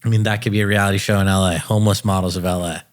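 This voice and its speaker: Man with a Boston accent, podcast host, fairly low voice, slangy and easygoing. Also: flat delivery. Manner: easygoing, slangy, quick interjections. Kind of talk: casual podcast chat.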